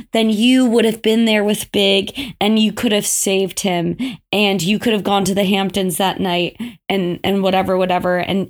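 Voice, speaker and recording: Slow-talking, laughing woman co-host. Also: medium pitch. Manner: laughs often, animated retellings. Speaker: podcast co-host. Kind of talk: casual chat.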